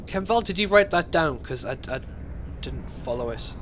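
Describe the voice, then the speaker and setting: Man, co-op gamer, playful rambling jokes, high voice, very lively pitch. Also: normal speed, slight background noise. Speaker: co-op game partner. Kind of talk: casual gameplay chat.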